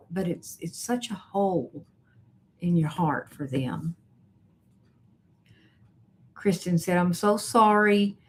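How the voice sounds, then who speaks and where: A woman hosting a casual live stream as a coach, reading viewer comments aloud in a chatty, unhurried way with soft laughs. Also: lowish voice, slight background noise.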